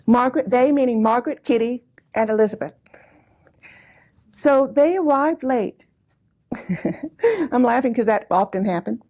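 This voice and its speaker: A woman's voice: on the high side, expressive, measured pace, long pauses. A woman in her sixties telling personal family stories to a live audience in a chatty, laughing, aside-filled way. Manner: chatty, warm anecdotes with frequent laughs and asides. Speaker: speaker at a commemorative gathering. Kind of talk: personal storytelling talk. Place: hall before a live audience.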